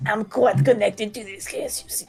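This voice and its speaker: A woman's voice: mid-range voice, fairly even intonation, normal speed, gravelly, darkish tone, breathy edge, soft background music. A woman voicing a brash, domineering lunch seller in an over-the-top put-on French accent, haughty and taunting, in a fan dub of a game. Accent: put-on obnoxious French.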